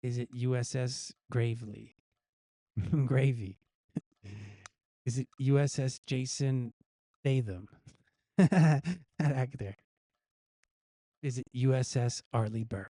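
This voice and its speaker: Male live-stream host, dark mellow tone, dry close sound, playful quiz reader. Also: mid-range voice, slow, long pauses, dry recording. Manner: jokey, reads quiz questions aloud and guesses the answers himself; chuckles at his own gag answers. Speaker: news show host.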